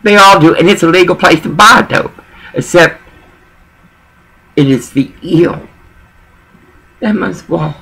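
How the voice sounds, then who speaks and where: A woman's voice: fairly low pitch, slow pace, gravelly, pauses often, fairly bright tone, breathy edge, poor audio. A woman talking in a rambling personal monologue, emotional and digressive, often repeating herself.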